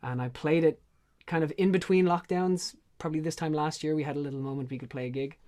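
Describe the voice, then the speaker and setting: A man's voice: a little high, quick pace. Chatty Irish man introducing a song. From Ireland. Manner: chatty and effusive, animated storytelling. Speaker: songwriter guest.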